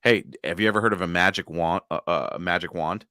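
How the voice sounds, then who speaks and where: A man's voice: sits low, quick pace, no echo, clean studio sound. A man co-hosting a casual podcast chat, swearing freely and laughing often as he rants. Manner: profane, laughs a lot, animated. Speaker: podcast co-host.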